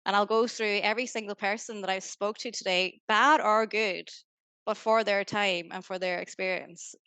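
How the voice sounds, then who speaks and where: Northern Irish woman, podcast guest, upbeat motivational chatter, smooth voice, dry close sound. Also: mid-range voice, fairly even intonation, pushed and bright, no room sound. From Northern Ireland. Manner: upbeat, motivational, fast rambling with many "like"s. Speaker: guest, business founder. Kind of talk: casual podcast interview.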